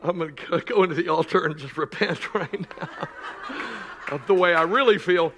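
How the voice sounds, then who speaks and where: A man preaches from the pulpit in a high, ringing voice. He climbs to shouted, stretched-out declarations and then drops to low, joking asides. His tone is bright and forceful throughout. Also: normal speed, slight background noise. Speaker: pastor. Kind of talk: sermon.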